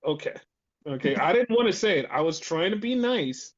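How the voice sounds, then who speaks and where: Brief: foul-mouthed co-host, animated rants, middle pitch, dull lo-fi mic. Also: moderate pace. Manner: profane, animated ranting. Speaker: podcast co-host. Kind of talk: casual chat.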